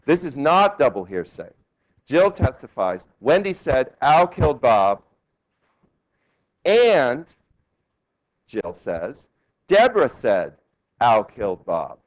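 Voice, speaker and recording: A male law professor giving a classroom lecture, lively and quizzing his students with questions. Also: medium pitch, a little slow. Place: law school lecture hall.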